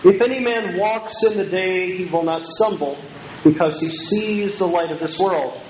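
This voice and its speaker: Here a man with a high voice speaks at a moderate pace, preaching emphatically and repetitively from the Bible and leading call-and-response. The recording comes from a lecture hall, with echo and faint noise.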